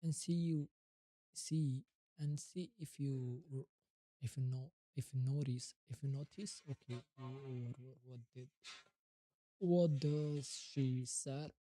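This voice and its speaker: Slow, very dark-voiced hesitant man. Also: medium pitch, dry recording, rough recording. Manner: hesitant, repeats words over and over. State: nervous, shaky. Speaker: livestreamer learning English. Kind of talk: casual live-stream chat. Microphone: own streaming mic.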